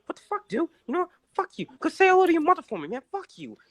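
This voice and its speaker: A brash male movie star, played by a man, squeals in offended disbelief. The voice sits much higher than the man's own and leaps around. It is all defensive bluster and incredulous protest. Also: very animated, very fast, vocal fry, dry recording, full character voice. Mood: indignant. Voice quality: high, squawky and exasperated.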